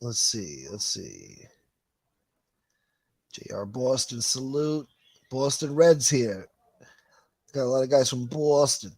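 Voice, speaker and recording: A man with a mid-range, creaky, husky voice and lively intonation takes his time, leaving long pauses, in a recording with no echo. He's hosting a livestream, reading chat comments aloud and riffing on them in profane, rambling, joking chatter, and he calls people "boy."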